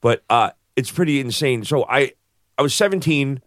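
A man's voice: medium pitch, lively intonation, moderate pace, fairly bright tone, no echo, studio quality. A man telling a long story in casual chat, swearing freely and acting out the voices of the people in it.

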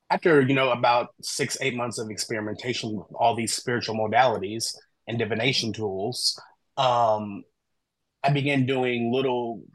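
A man's voice: mid-range voice, no room sound, low-quality recording. Man telling stories on a podcast, dry sound. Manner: animated storyteller, voices his friends in quotes. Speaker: guest, human design reader and author. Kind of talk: conversational podcast storytelling.

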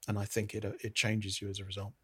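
A man's voice: on the low side, monotone, quick pace, a bit bright, slightly rough. A middle-aged British man, a pastor, giving an earnest, reflective interview answer with frequent restarts. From Britain.

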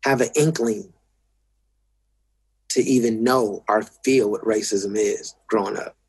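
Husky, profane Los man. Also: lowish voice, steady tone, a little slow. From South Central Los Angeles. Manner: blunt, profane, restarts often. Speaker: guest. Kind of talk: casual interview talk.

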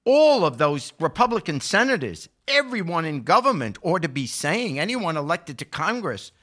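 An older man giving political commentary as a show regular, building from calm remarks to impassioned, indignant emphasis. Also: fairly high pitch, moderate pace. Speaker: podcast regular.

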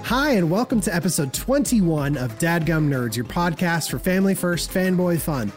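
A man's voice: on the high side, lively intonation, normal speed, soft background music. A man hosting a podcast, opening the show and introducing his co-hosts in an upbeat way. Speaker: podcast host. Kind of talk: scripted show opening then casual chat.

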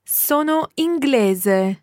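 A woman reads short practice phrases for a language drill. She speaks slowly and clearly at a middle pitch, and the recording is close and dry. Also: lively intonation, a little mellow, no echo.

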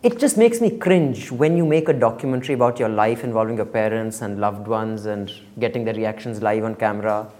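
A man's voice: medium pitch, darkish tone. A man from India hosting a podcast panel chat, talking loosely with wry asides. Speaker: podcast host.

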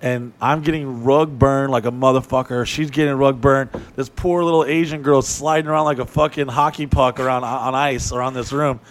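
A man's voice: medium pitch, normal speed, few pauses. A man on a podcast telling a long, crude, rambling story in casual chat, cursing often. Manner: profane, animated, rambling. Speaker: podcast co-host.

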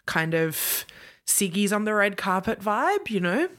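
A woman's voice: medium pitch, very animated, unhurried, a bit bright. A woman co-hosting a podcast, talking casually and enthusiastically about pop culture with lots of likes and ums. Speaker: podcast co-host. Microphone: remote call-in mic.

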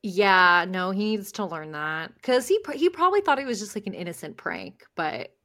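A woman co-hosting a podcast in casual chat, reacting with gasps and quick, teasing remarks. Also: mid-range voice, very animated, pushed and bright. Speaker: podcast co-host.

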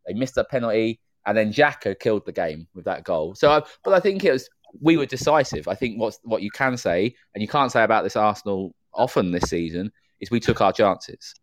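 Lowish-voiced and animated, a male podcast co-host speaks briskly with hardly any pauses, and there's no room sound. He chats freely in casual conversation, filling gaps with "you know."

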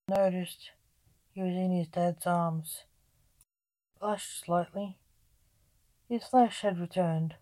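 A woman narrating a gothic fantasy story in a plain, even reading voice. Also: on the low side, slow pace, pauses often.

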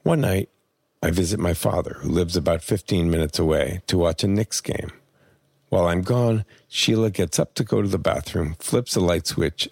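A man reading a personal memoir aloud in plain, measured first-person storytelling. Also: low voice, creaky, no echo. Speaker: memoir narrator.

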